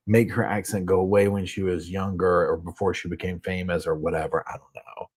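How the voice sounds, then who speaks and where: A man's voice: low voice, level tone, quick pace, darkish tone, slightly rough. A man from the American South with a Southern accent, hosting a casual live chat and answering viewer comments. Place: home, on a sofa.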